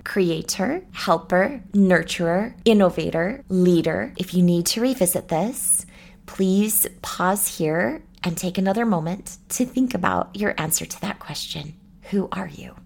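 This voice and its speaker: A woman's voice: fairly low pitch, gravelly. A middle-aged woman hosting a solo podcast as a meditation teacher, talking straight to the listener in a playful, encouraging way.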